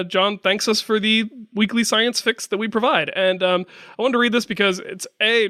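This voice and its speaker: A man's voice: high-pitched, bright, forceful tone, clear, resonant tone, dry recording, clean studio sound. A man hosting a podcast, reading listener mail and joking with his co-hosts in casual chat. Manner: chatty, self-correcting, joking. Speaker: podcast host.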